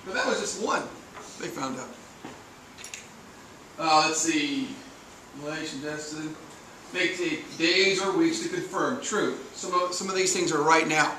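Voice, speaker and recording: A male firefighter teaches a classroom, chatty and anecdotal, checking in with the class. His voice is bright and a touch high. It is captured from across an echoey room, with faint noise under it. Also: unhurried, pauses often, far from the mic. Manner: casual, chatty, tells anecdotes, asks the class questions. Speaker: firefighter instructor. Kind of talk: classroom training lecture. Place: training classroom.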